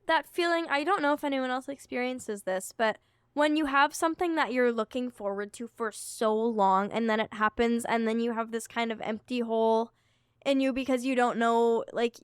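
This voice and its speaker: A woman's voice: a little high, steady tone, normal speed, clean tone, no echo, studio quality. A young woman co-hosting a podcast, chatting and reflecting, often laughing. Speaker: podcast co-host. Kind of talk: casual chat.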